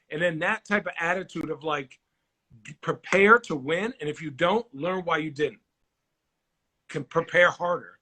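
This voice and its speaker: A man's voice: fairly high pitch, moderate pace. A man in his forties, a former basketball player, telling stories in a casual interview and acting out the people he quotes. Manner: animated storyteller, acts out quoted voices.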